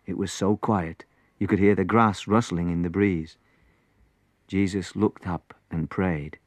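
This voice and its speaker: A man reading a storybook aloud, in an expressive, unhurried way. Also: low voice, no room sound. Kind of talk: storybook narration.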